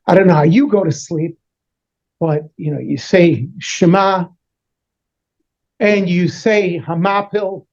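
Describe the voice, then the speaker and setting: A man's voice: high voice, highs cut off. A man, a rabbi, telling a story to children, playfully acting out the characters' voices and mixing in Yiddish and Hebrew words. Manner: animated, acts out the characters' voices in short bursts. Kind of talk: storytelling to children over a video call.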